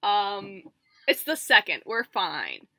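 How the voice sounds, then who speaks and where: A woman's voice: medium pitch, wildly swooping pitch, takes it slowly, sharp tone, dry recording, clean studio sound. A young woman co-hosting a podcast in casual, rambling chat with many fillers and giggles. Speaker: podcast co-host.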